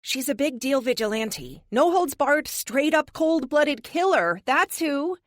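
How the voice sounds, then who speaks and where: Woman voicing a high soprano heroine, excited. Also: a little slow, no room sound, studio quality.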